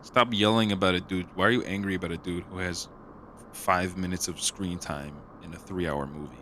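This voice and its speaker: A man's voice: low voice, steady tone, fairly quick, pushed and bright, slight background noise. A young man co-hosting a podcast, talking loosely with lots of fillers and slang in casual chat. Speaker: podcast co-host.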